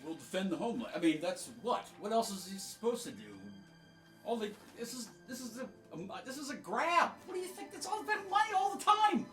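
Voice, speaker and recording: A man's voice: very high voice, sing-song, fairly quick, roomy sound, soft background music. A man giving sarcastic, mocking political commentary over clips. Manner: sarcastic, mocking, swinging loud to soft.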